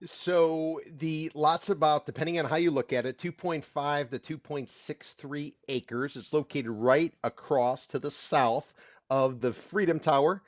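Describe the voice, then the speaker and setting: A man's voice: fairly high pitch, steady tone, unhurried, no room sound, dull audio. A man hosting a casual podcast, wry and full of facts. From Miami. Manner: wry, fact-heavy storyteller. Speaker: podcast host, condo consultant.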